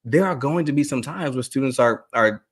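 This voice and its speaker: A man in his thirties, an educator giving a live online talk to teachers, telling animated stories and laughing often. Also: mid-range voice, brisk, breathy edge. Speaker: educator and speaker.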